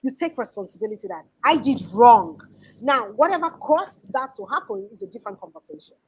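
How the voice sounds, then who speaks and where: A woman's voice: on the high side, animated, a little fast, husky, poor audio. A woman in her forties giving an earnest, emphatic motivational talk as a life coach, often restarting her sentences.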